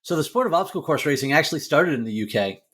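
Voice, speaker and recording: A man's voice: a little high, lively intonation, fast talker, a bit bright, breathy edge. A middle-aged man, a motivational speaker, telling his own hard story as an interview guest, candid and emotional, swearing freely and filling with "like". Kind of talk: personal storytelling in a podcast interview.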